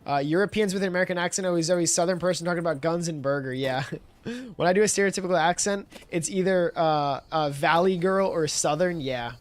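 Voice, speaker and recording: A man's voice: fairly high pitch, fast talker. A man livestreaming who chats casually, rambling, swearing and laughing as he talks. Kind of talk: casual stream chat.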